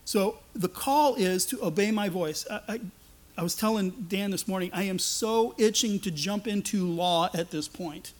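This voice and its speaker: A man's voice: high voice, moderate pace. A man preaching a sermon, speaking emphatically and voicing God in the first person, with frequent restarts. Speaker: pastor.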